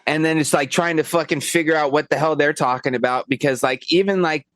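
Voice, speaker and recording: A man's voice: a little high, a little fast, fairly bright tone, no room sound. A man co-hosting a podcast in casual chat, blunt and swearing freely as he jumps in to explain things. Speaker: podcast co-host.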